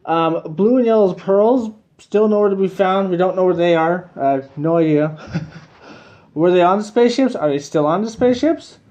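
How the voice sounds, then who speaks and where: A man's voice: sits high, moderate pace, darkish tone, dull audio. A man giving a casual, rambling video review of a cartoon episode, repeating himself and chuckling between points.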